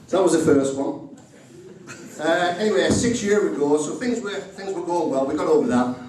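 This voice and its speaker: A man's voice: on the high side, moderate pace, noisy background. Middle-aged guy doing his groom speech, funny story, plays both sides of the chat, super echoey room, mic way off. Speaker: groom giving a wedding speech. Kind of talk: humorous wedding speech anecdote. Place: indoor wedding reception room. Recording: very echoey room recorded from far off.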